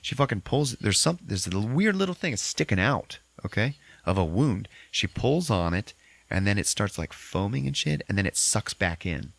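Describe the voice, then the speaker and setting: A man hosting a podcast, recapping a movie in a casual, profane, animated way and acting out the characters. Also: fairly low pitch, moderate pace, creaky, dry recording. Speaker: podcast host.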